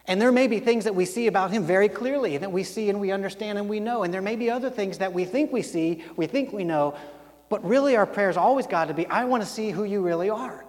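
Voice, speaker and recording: A man with a high voice preaches a sermon in a large hall, and the sound carries a long reverb. He talks conversationally, stumbling into restarts, then acts out the quotes he tells. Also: fast talker, darkish tone. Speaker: pastor.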